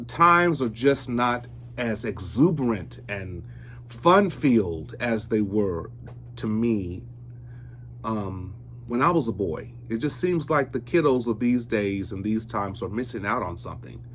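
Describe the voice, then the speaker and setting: A man's voice: lowish voice, animated, unhurried, a bit bright, slight background noise. A man in his forties chatting casually while unboxing records, rambling and often correcting himself mid-sentence. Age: 40s. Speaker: vinyl collector vlogger.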